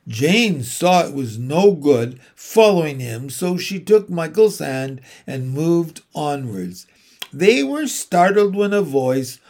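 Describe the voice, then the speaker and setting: Slow, expressive male storybook narrator. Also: fairly high pitch. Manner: unhurried, expressive reading. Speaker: audiobook narrator. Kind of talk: storybook read aloud.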